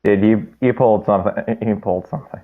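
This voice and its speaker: A man playing a tabletop game, excitable, often restarting his sentences. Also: lowish voice, fast. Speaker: player. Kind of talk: casual tabletop play. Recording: phone-like thin audio.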